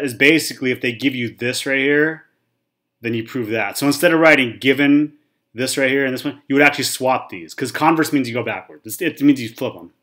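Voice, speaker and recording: Here a man in his thirties teaches math at a whiteboard, his medium-pitched voice fairly bright. His delivery is casual and talkative, with "okay" and "right" coming up again and again as check-ins.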